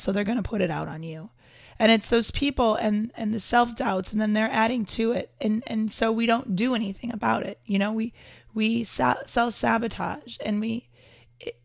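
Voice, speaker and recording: Hoarse woman, gravelly earnest vlogger. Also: medium pitch, no echo, studio quality. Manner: earnest, rambling, with frequent restarts. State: hoarse from illness. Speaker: podcast host and entrepreneur. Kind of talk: casual vlog talk to camera. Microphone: external microphone.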